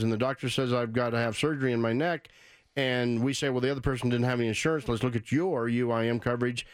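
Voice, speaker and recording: A man's voice: mid-range voice, no room sound. A man hosting a radio call-in show, talking in an emphatic, urgent way and repeating his points.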